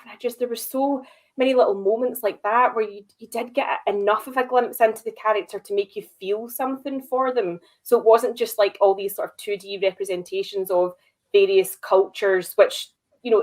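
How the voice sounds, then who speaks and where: A woman chats about a film on a podcast in an animated, conversational way, full of "like" and "you know". Her voice is mid-pitched and ordinary. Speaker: podcast co-host. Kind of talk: casual film discussion.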